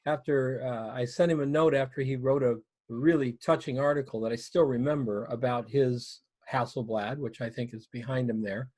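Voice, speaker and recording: A man hosts a casual chat over a video call. He speaks hesitantly, with fillers and false starts, at a mid-range pitch. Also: steady tone, moderate pace, hardly any pauses, darkish tone. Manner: hesitant, with many fillers and restarts. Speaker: host.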